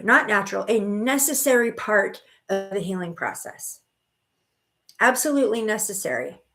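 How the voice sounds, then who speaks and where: A woman's voice: mid-range voice, fairly bright tone. A middle-aged woman hosting a live stream of spiritual readings, chatting casually and reassuring viewers with pet names like honey and sweetheart. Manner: chatty with frequent restarts and fillers.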